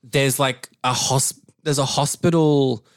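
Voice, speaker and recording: Guy on a movie podcast, mid pitch, rambly, keeps restarting and swearing. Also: steady tone, slow pace. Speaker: podcast co-host. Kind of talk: casual film discussion.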